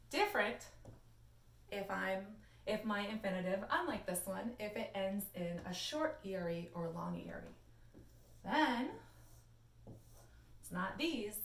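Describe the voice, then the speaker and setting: A young adult woman teaching a Latin lesson in a chatty, animated way, with sing-song recaps. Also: mid-range voice. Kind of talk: classroom video lesson. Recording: echoey room, mic at a distance.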